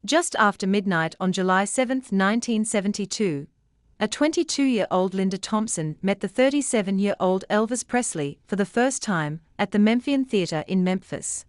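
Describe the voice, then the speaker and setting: A woman reading a scripted narration in a measured, factual way. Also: mid-range voice, expressive, no echo, clean studio sound.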